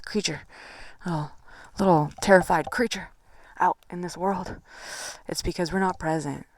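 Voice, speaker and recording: A woman with a low, gravelly voice talks through a relaxed spiritual pep talk. Her speech is loose and full of fillers and casual swearing. The sound is close and dry, with no room behind it. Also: no room sound. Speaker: spiritual coach. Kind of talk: casual motivational monologue.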